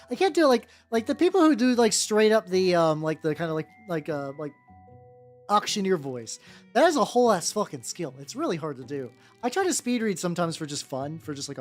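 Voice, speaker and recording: A live streamer chatting casually while painting miniatures, rambling loosely, swearing freely and greeting viewers by name over and over. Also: medium pitch. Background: faint background music.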